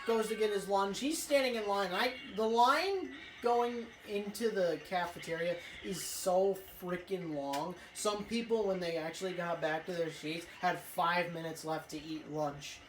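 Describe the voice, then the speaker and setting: A woman telling a rambling, swear-filled school story while playing a racing game, with excitable outbursts. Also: fairly low pitch, a little slow, few pauses. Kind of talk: casual let's-play storytelling. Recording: echoey room, faint music.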